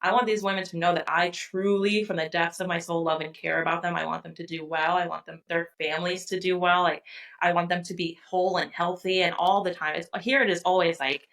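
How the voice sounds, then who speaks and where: Female guest, therapist type. Lower register, casual, rapid, filler-heavy chat. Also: poor audio. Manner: rapid, animated talk full of "like" fillers. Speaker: guest, therapist and business owner.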